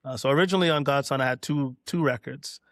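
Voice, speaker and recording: A man's voice: medium pitch, quick pace, dry recording, studio quality. A middle-aged man from Canada, a DJ and producer, telling a long anecdote in a casual podcast interview and acting out what others said. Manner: relaxed anecdote-telling, acting out quoted dialogue. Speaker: guest, DJ and producer.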